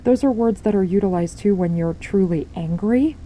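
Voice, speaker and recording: A woman's voice: mid-range voice, normal speed, mellow, a little hiss or hum, poor audio. A woman giving a spiritual tarot reading, talking in a rambling way with many fillers and restarts. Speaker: tarot reader.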